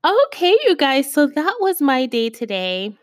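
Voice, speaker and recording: Young woman podcasting with a cold, raspy, kinda high voice, super dry close sound, says um a lot. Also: big pitch swings, measured pace, dry recording. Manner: chatty, lots of fillers, keeps saying "you guys". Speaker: podcast host. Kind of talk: casual solo podcast chat.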